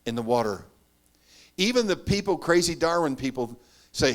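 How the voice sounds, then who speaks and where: A man's voice: a little high, animated, normal speed, pauses often. Earnest man preaching a testimony. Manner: earnest storytelling, swings between loud emphatic bursts and hushed asides. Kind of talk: sermon testimony.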